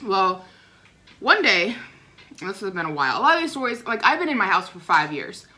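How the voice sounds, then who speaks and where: A young woman telling a rambling neighbor story in a casual vlog, chatty and animated. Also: mid-range voice, brisk. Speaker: vlogger. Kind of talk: casual storytime while eating.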